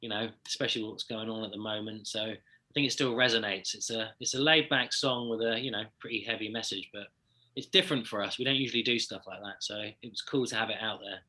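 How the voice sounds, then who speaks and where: A man's voice: lowish voice, steady tone, quick pace, bright, forceful tone. A man with a London accent chatting easily as a musician in an interview, often laughing. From United Kingdom. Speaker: musician guest. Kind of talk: casual interview chat.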